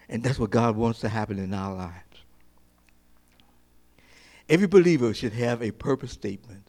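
A man preaching a sermon as pastor, passionate, repeating phrases for emphasis and swinging between loud peaks and quiet asides. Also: medium pitch, moderate pace, long pauses.

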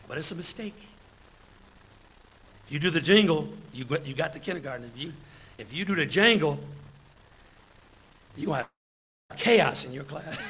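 A deacon preaching a sermon in a church, lively, chuckling between his points and calling out praise. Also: a little high, breathy edge, rough recording.

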